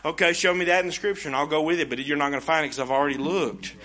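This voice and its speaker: High, bright-voiced preacher, loud to hushed. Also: male voice, steady tone, rapid-fire. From United States. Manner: passionate, swings from hushed to loud emphatic. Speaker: pastor. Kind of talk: sermon.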